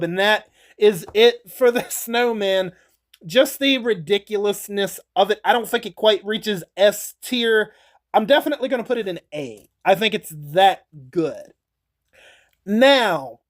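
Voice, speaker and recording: A man's voice: high voice, a bit bright. A man casually recapping and ranking movies for his channel in a rambling, chatty way, laughing and swearing as he goes. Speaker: YouTuber reviewing movies.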